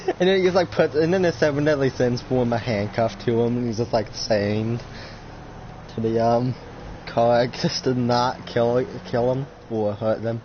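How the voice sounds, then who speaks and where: A man's voice: medium pitch, steady tone, moderate pace. A young man narrating an improvised role-play story, rambling with lots of "like". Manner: rambling, full of "like". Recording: dull lo-fi recording, faint noise.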